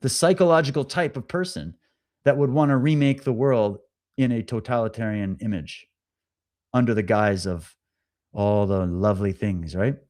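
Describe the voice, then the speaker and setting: A man's voice: on the low side, steady tone, moderate pace, darkish tone. A man hosting a live stream, giving casual commentary with sarcastic, mocking asides. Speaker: livestream host.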